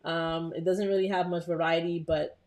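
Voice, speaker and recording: A young adult woman hosting a live tutorial in a casual, chatty way, talking to viewers and filling pauses with um. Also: lowish voice, little pitch movement, a little mellow. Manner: chatty, talks to live viewers, frequent "um" and restarts.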